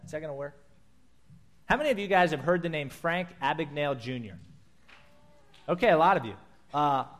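A male pastor delivers a sermon in a relaxed, conversational way. His voice sits a little on the high side, and he slips into quick acted-out lines when he quotes others.

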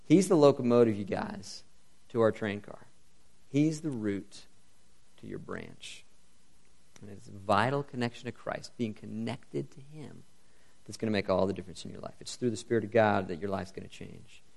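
Man preaching with many questions, gravelly voice. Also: fairly low pitch, moderate pace. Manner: asks the congregation many rhetorical questions; earnest, lively, and conversational, addressing the crowd as "you guys". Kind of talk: sermon.

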